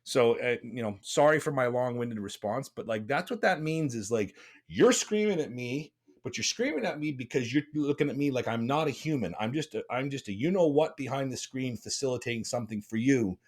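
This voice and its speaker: A man with a mid-range voice and lively intonation hosts a casual podcast chat at a brisk clip. He speaks bluntly and with passion, rambling and restarting his sentences.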